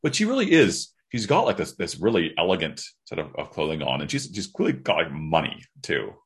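A man narrating a tabletop game as game master, relaxed and descriptive. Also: deep voice, brisk, slightly rough. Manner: relaxed and descriptive, with frequent restarts.

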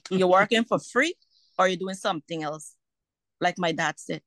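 A woman's voice: fairly low pitch, moderate pace, a bit bright, no room sound. A woman, a mother caught in a custody dispute, telling her story in a heated, indignant way and repeating herself for emphasis. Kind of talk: emotional personal account.

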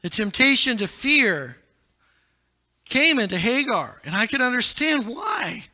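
A male pastor preaching a sermon in a dramatic way, rising to shouts and dropping low. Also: very animated, a little slow.

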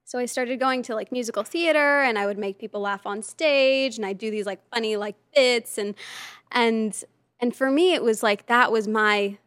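A lively woman talking through her past on a podcast, dropping into little quoted voices as she goes. Her voice sits fairly high. The sound is close and completely dry. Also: moderate pace, dry recording. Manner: animated, lively storyteller who slips into quoted voices. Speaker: podcast guest. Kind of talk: casual storytelling in conversation.

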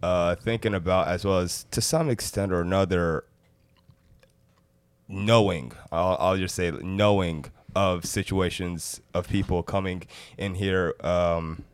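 A man's voice: deep voice, steady tone, unhurried, clear, resonant tone, no room sound. A man from Africa telling a story as a podcast guest, hesitant and full of fillers. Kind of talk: casual chat.

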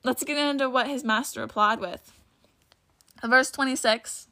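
A woman's voice: sits high, measured pace, long pauses, sharp tone. A woman hosting a casual Bible teaching podcast, chatty and loose, often saying "like", sometimes stuttering and losing her place. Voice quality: stutters at times. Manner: loses her place and restarts. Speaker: podcast host.

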